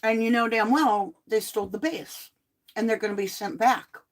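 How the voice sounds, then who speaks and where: A middle-aged woman hosting a live true crime tarot chat from home, talking casually and bluntly with animated asides while she is sick on cough medicine. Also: a little high, normal speed. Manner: chatty, blunt, animated asides and mock quotes.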